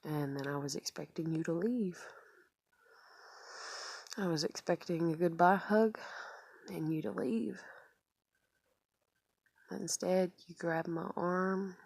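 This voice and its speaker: A woman's voice: fairly low pitch, slow pace, creaky, long pauses, darkish tone, no echo. A woman talking in a rambling confessional vlog, full of fillers and trailing off into whispered asides. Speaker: vlogger.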